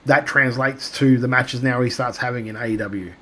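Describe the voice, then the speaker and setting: A man's voice: medium pitch, fairly even intonation, moderate pace, fairly bright tone. An Australian man co-hosting a wrestling podcast, talking casually with lots of fillers and restarts. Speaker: podcast co-host.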